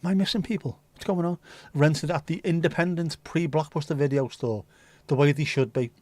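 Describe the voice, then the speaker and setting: A man's voice: fairly high pitch, a little fast, darkish tone, no echo. Chatty, sweary man hosting. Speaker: livestream host. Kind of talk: casual chat answering viewers' comments. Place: home livestream setup.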